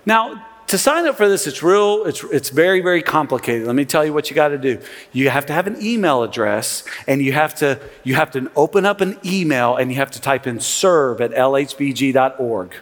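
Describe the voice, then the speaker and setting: A middle-aged man, a pastor, preaching a sermon in a conversational, animated way with sarcastic asides and frequent restarts. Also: mid-range voice, brisk. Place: large church sanctuary. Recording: long reverb of a large church hall.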